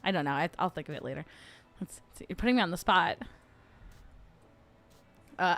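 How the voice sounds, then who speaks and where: A woman's voice: fairly low pitch, expressive, normal speed, pauses often, fairly bright tone, no room sound. A young adult woman hosting a casual livestream, chatty and playful, laughing often as she rants about food. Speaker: podcast host.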